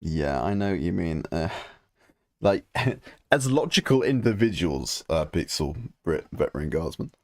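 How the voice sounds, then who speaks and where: A young British man talks casually on a hobby live stream, rambling from one point to the next and swearing freely. His voice sits on the low side. The sound is close and dry, with no room behind it. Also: big pitch swings, measured pace, a little mellow, no room sound. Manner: rambling, swearing, mock-grumbling, chatty. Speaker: live stream host painting miniatures.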